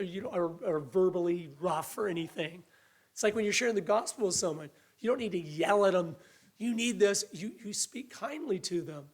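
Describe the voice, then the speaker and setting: A high-voiced man delivering a sermon. He speaks earnestly and conversationally, with a voice that sounds a little weak. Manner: earnest, conversational preaching with restarts and acted quotes. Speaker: preacher.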